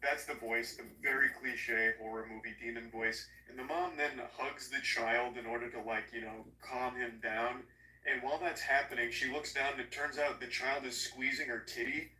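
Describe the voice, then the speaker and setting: A man recapping a horror movie in a casual, comedic, profane way, sarcastic and animated. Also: medium pitch, moderate pace, distant mic. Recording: echoey room, voice off-mic.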